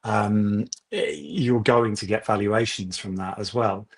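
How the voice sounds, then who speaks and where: A man's voice: fairly low pitch, unhurried, gravelly, husky. A man, an independent estate agent telling chatty anecdotes as a webinar guest over a video call. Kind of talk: webinar interview answers.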